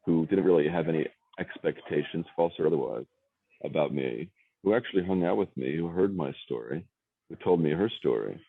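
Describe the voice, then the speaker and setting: A man with an extremely deep, gravelly voice, rambling and restarting as he searches for his words in casual conversation. The sound is dry and tinny, like a phone line.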